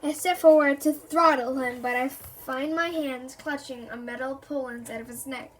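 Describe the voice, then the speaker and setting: A woman's voice: high voice, fairly even intonation, normal speed, a little hiss or hum. A woman reading a children's chapter book aloud, narrating in the first person. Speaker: reader.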